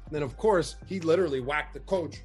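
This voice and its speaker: A man hosting a podcast, asking relaxed conversational questions. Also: a little high, brisk, slightly rough, faint music behind. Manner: conversational, asks questions and gives brief agreements. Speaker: podcast host. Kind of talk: casual interview chat.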